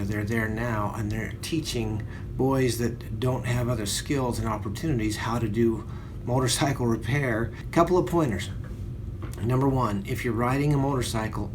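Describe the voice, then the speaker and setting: A man's voice: mid-range voice, background noise. A man hosting a video, giving friendly encouraging advice to viewers. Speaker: channel host. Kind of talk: casual video outro.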